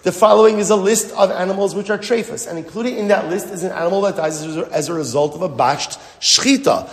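A man explaining a Talmud passage in an emphatic way, repeating phrases and asking rhetorical questions. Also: on the high side. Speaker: Talmud teacher. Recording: echoey hall with long reverb.

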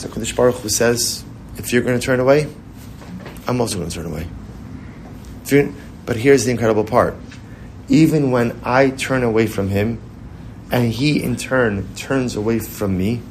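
Male Torah teacher, chatty and repetitive, rhetorical questions, Hebrew terms woven into English, faint hiss behind. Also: medium pitch. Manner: conversational, repeats phrases, asks rhetorical questions. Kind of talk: Torah class.

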